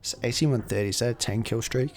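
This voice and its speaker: Brief: a male podcast co-host in a mid-pitched voice, casual and profane, who acts out the scenes as he tells them. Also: quick pace. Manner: profane, animated retelling. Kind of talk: casual film recap.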